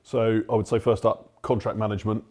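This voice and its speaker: A man's voice: on the low side, little pitch movement, brisk, mellow. A man with a South African accent, explaining things steadily as an expert guest on a panel. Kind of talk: panel discussion.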